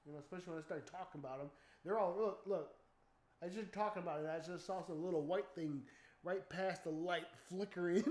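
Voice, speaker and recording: A man streams from home, chatting casually in a voice a touch higher than most. He tells his stories with animated energy, breaking into loud, startled exclamations and swearing. The room around him is noticeably echoey. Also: fairly quick. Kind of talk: casual chat.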